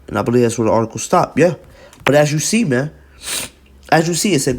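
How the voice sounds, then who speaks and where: A man's voice: medium pitch, animated, quick pace, pauses often, a little mellow. A man giving an emphatic, repetitive preaching commentary on video, reading scripture and news aloud and often adding "man".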